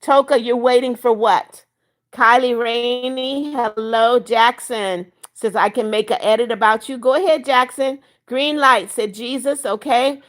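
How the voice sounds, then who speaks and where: Slightly high and a bit bright, this woman's voice holds a steady tone at a measured pace. She's a livestream host in her seventies, seventy-one to be exact, chatting through viewers' comments and replying to each by name.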